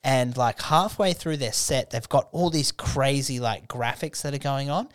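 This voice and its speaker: A man's voice: mid-range voice, normal speed. Swearing Australian man telling a story. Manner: laid-back storytelling, swearing, acting out the people he quotes. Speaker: guest storyteller. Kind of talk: casual drunken podcast chat.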